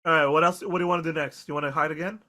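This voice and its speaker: A man's voice: fairly high pitch, steady tone, very fast, pushed and bright. A man running a tabletop game as game master, speaking in an easygoing, reassuring way.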